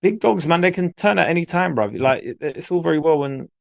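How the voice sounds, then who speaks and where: A man's voice: fairly high pitch, expressive, a little fast, gravelly, a crowd in the background. Man, slangy podcast chat. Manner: slangy, emphatic storytelling. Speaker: podcast co-host. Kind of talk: casual chat.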